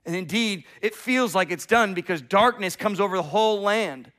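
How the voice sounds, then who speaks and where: A middle-aged pastor with a high-pitched voice preaches at normal speed. Animated in his storytelling, he rises to loudness and sinks to a hush, frequently repeating words as he starts a thought.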